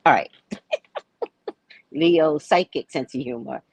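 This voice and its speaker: A woman's voice: low voice, takes it slowly, vocal fry, darkish tone, slightly rough, dry recording. A woman from New York, a psychic tarot reader, chatting sarcastically through a live-stream reading and laughing at her own jokes.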